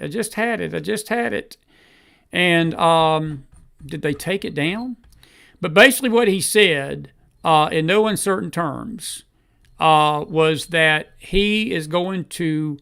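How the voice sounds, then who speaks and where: A man's voice: fairly high pitch, gravelly, fairly bright tone, smooth. A man hosting live political commentary, rambling as he searches for a statement, then heated and emphatic. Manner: fumbles and self-talks while searching. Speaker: host.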